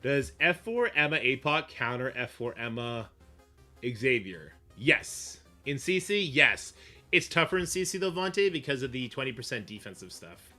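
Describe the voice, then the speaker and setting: A man streaming live, chatting casually with viewers, swearing often and getting animated. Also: medium pitch, moderate pace, faint music behind. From Canada. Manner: profane, animated, answers chat. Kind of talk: casual livestream chat.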